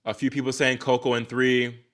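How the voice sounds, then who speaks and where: Excitable young man chatting on a livestream. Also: medium pitch, normal speed. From Virginia, US. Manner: excitable, talks to chat, sighs and exclaims. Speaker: livestream host reacting to tennis. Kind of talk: casual live-stream chat.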